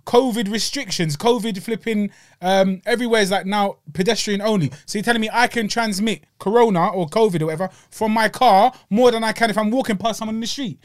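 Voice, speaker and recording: High-voiced London man, animated slang. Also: brisk, hardly any pauses. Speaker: podcast co-host. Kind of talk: casual chat.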